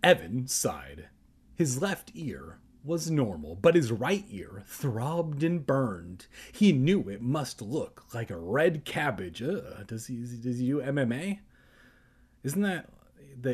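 A man's voice: medium pitch, sing-song, unhurried, darkish tone, breathy edge. A young man reading a children's book aloud for laughs, breaking off into crude, self-deprecating jokes. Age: young adult. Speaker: reader and comedian.

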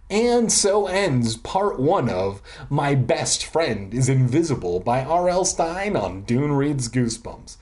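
A man's voice: medium pitch, very animated, slow pace, a little mellow. A young man hosting a read-aloud of children's horror books, slipping in sardonic, profane jokes. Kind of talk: comedic read-aloud with irreverent asides.

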